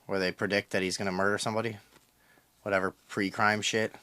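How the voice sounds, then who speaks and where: A man's voice: lowish voice, little pitch movement, fast, bright, forceful tone, dry recording. Brief: man, radio host, profane and rambling, very dry close studio sound. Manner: crude, loose, swearing, mock-aggressive with callers. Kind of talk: profane call-in radio talk.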